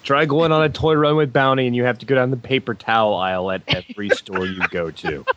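A man's voice: mid-range voice, fast, a bit bright, lo-fi sound. A man co-hosting a casual podcast chat, wisecracking and poking fun at himself. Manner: wisecracking, self-mocking. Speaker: podcast co-host.

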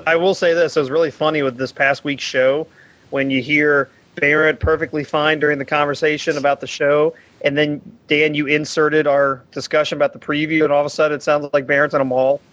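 A man co-hosts a casual podcast chat, telling his jokes deadpan. His voice sits a bit high. The sound is dull and completely dry. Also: fairly quick, dry recording. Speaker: podcast co-host.

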